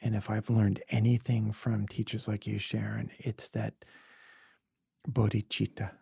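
Man from Brooklyn, podcast guest: earnest, emotional storyteller, low, rough and husky, recorded dry. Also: level tone, normal speed, dry recording. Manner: earnest, emotional storytelling with soft whispered asides. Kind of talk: reflective conversation.

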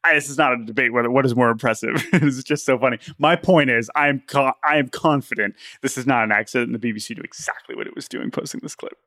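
A man's voice: mid-range voice, fast talker, few pauses, bright, forceful tone, dry recording, studio quality. A man co-hosting a podcast, talking in an enthusiastic, rambling way with many restarts. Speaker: podcast co-host. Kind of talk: casual podcast chat.

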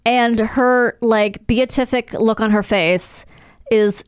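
A woman co-hosting a podcast in casual chat, animated and blunt, swearing freely. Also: a little high, clean tone, no room sound, studio quality. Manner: animated, swears, quick asides. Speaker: podcast co-host.

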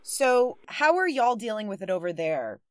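A woman's voice: mid-range voice, big pitch swings, normal speed, dry recording. A young woman hosting a podcast, talking in a rambling, candid, profane and self-deprecating way. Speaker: podcast host. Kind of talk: casual monologue and interview.

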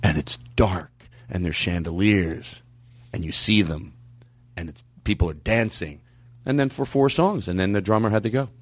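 A man's voice: low-pitched, normal speed, no echo. A man hosting a podcast, telling rambling stories in casual chat with a lot of swearing. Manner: profane, rambling, animated storytelling. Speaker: podcast host.

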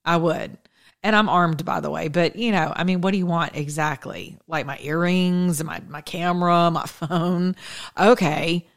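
A woman's voice: lowish voice, fairly even intonation, unhurried. A woman hosting an opinion podcast, talking in a sarcastic, combative way and laughing often. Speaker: podcast host. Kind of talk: opinion monologue.

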